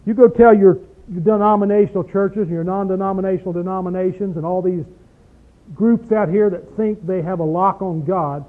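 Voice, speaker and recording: Sounding like an old radio broadcast, thin and tinny, a man with a strikingly high voice delivers a folksy, forceful sermon. His intonation stays fairly even, yet he slows down on verses, draws out key scripture words, and fills it with rhetorical questions.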